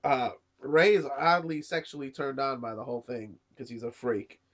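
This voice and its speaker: At a moderate pace, a man with a slightly bright mid-range voice rambles casually about a manga chapter. He's sick and coughs as he goes, using lots of filler such as "you know" and "uh."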